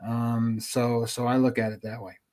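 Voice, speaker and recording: A man's voice: medium pitch, level tone, normal speed, a little mellow, faint music behind. A man co-hosting a sports betting show, chatting casually and rambling with many ums and restarts.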